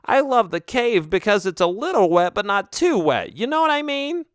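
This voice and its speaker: A man voicing a group of squeaky, excitable bats with shrill, impatient voices in a storybook. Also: moderate pace, dry recording, clean studio sound. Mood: whiny.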